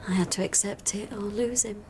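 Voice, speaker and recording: TV drama: actress as a weary wife, hesitant and sighing, plain mid voice, faint noise behind. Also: female voice, mid-range voice, steady tone, a little fast, dark tone, close to an everyday voice. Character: weary insomniac woman, soldier's wife. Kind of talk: TV drama acting.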